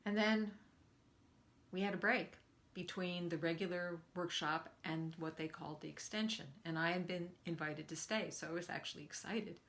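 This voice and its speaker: An older woman, a speaking coach, leads a live online group at a moderate pace. She tells a personal story and acts out the quoted lines with lively jumps in pitch.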